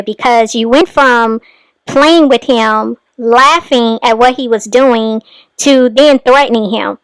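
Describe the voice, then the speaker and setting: Scolding high-voiced woman commentator. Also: clear, resonant tone, no room sound. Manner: exasperated, scolding. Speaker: commentary host. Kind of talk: reaction commentary.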